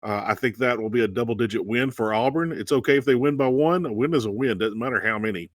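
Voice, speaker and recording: A man's voice: mid-range voice, quick pace, no room sound. A man co-hosting a casual sports talk show, speaking in a laid-back, joking way. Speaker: co-host.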